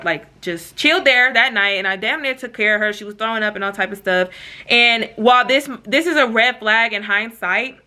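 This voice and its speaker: A young woman tells a storytime vlog in loose, slangy chat, talking straight to her viewers. Her voice is bright and clear at a middle pitch. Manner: slangy, chatty, lively asides to viewers. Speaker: vlogger.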